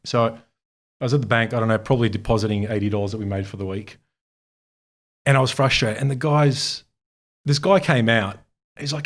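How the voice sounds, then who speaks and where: A man from Bosnia and Herzegovina tells his story as a podcast guest, his voice sitting at an ordinary middle pitch. He talks casually and with energy, laughing often and swearing now and then. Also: fairly quick, pauses often. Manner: animated, laughs often, acts out other people's lines. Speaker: interview guest, art supply store founder.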